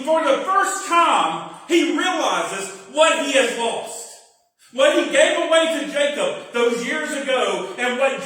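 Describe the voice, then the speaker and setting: A man's voice: very high voice, fairly bright tone. A male pastor teaching a Bible study sermon in a dramatic, explanatory way. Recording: very echoey hall from far off.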